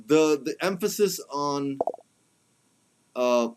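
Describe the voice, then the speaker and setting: A man's voice: on the high side, expressive, slow pace, background noise. A man giving a casual spoken review, talking in a chatty way with many fillers and restarts, and putting on mocking voices when he quotes others. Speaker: film reviewer.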